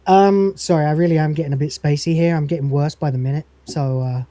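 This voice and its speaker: A man hosting a livestream, casually recapping a comedy episode, swearing and rambling, reading out lines in quick voices. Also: a little high, fairly even intonation, mellow, no echo. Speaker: podcast host.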